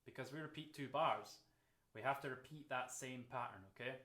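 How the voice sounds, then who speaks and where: A drum teacher talks through a rhythm at a steady pace and counts the beats out loud. His voice sits in the middle range for a man. The room gives it a noticeable echo. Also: medium pitch, fairly quick. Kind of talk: instructional explanation. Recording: roomy echo.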